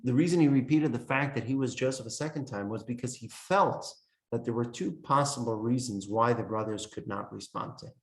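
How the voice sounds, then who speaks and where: A man's voice: medium pitch, brisk. A man teaching a Torah lesson in an earnest, explanatory sermon style, quoting texts and commentators as he goes. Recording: echoey room.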